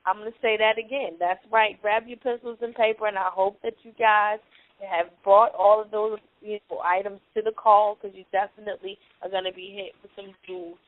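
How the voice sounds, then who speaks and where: A young adult woman leads a motivational conference call in an earnest, emphatic way, circling back to repeat her main points. Her voice sits at an ordinary pitch and comes through a thin, tinny phone line. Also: steady tone, brisk, no room sound. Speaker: teleconference host, life coach.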